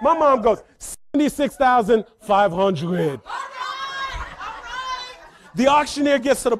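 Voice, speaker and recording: High-voiced man giving a motivational speech. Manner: storytelling, repeats phrases for emphasis, builds to loud climaxes. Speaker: motivational speaker. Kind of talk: motivational speech to a live audience. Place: room full of people.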